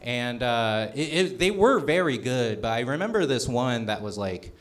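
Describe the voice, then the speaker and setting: Halting self-mocking young comedian man. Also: mid-range voice, lively intonation. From northern Colorado, USA. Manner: halting, self-deprecating, many uh restarts. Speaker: stand-up comedian. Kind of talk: stand-up set with crowd work. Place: comedy club stage.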